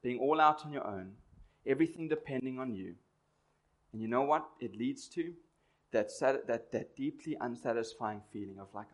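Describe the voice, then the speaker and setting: Conversational preacher. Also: male voice, medium pitch, lively intonation, fairly quick. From Durban, South Africa. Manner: conversational storytelling with rhetorical questions. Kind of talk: sermon.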